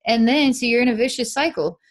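A woman psychic guides a client through an energy-healing session. Her voice is soft, often broken by sighs. She describes her visions in a dreamy, repetitive way. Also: a little high, lively intonation, a little fast.

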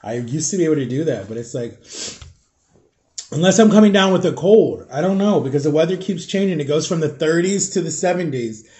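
A man with a stuffed-up nose, talking in a halting, rambling way while eating on camera at home for his vlog. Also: a little high, lively intonation, mellow. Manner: rambling, halting, searching for words. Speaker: vlogger. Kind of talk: casual confessional vlog.

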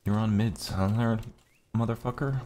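A man casually commentating his own gameplay, cursing and joking, often breaking into high-pitched yelling. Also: moderate pace, slight background noise. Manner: profane, jokey, bursts into high-pitched yelling. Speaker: gaming YouTuber.

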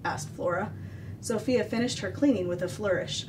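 A woman reading a children's novel aloud as the show's regular reader, expressive. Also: fairly low pitch, moderate pace. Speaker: story reader. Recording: distant mic, faint noise.

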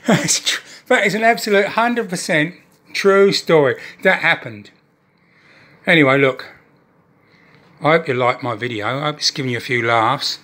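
A chatty man with a fairly high voice talks casually to camera as a model railway hobbyist. He spins jokey, rambling stories and keeps the tone light. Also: unhurried, pauses often, bright, forceful tone. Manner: chatty joking storyteller.

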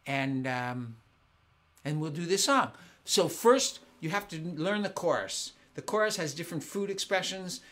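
A man hosting a live-streamed family concert, chatting excitedly with viewers at home between songs. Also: a little high, measured pace. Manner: excitable, chatty, warm with kids. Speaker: family concert singer and host. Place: home in Southern California.

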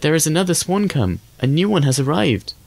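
A bunch of thrilled little children in a storybook, squealing high and eager, as a man puts them on. The voice jumps well above his usual low register, and the lines come out as bright, happy shouts. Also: animated, a little fast, gravelly, no room sound. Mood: delighted.

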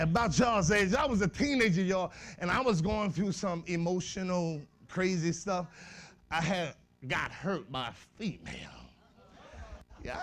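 Male preacher, high voice, animated church sermon. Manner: animated, shouting bursts, laughing asides, slangy. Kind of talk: lively sermon to youth.

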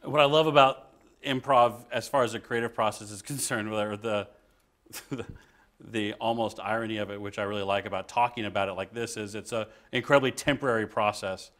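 Animated male improv panelist. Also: lowish voice, a little fast. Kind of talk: conversational panel talk.

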